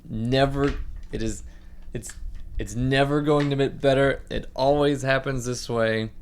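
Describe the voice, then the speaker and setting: A musician livestreamer, a man, chatting casually and ramblingly while setting up his gear at home. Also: on the low side. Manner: rambling, laid-back, many fillers. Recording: echoey room with faint background noise.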